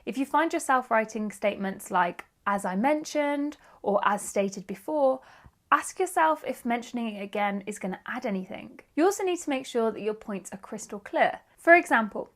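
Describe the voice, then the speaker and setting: A woman's voice: fairly high pitch, expressive, brisk, hardly any pauses, fairly bright tone. A woman teaching an online writing lesson, upbeat and emphatic. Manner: upbeat, emphatic teacher reading examples aloud. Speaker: writing instructor.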